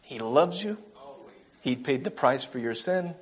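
A man preaching a gentle, earnest sermon, slowing down for emphasis and reading a story aloud. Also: medium pitch, expressive, breathy edge.

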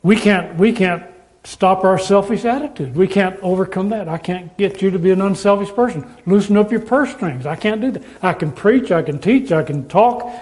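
A man preaching a sermon, emphatic and repetitive, with pauses and restarts. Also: sits high, darkish tone.

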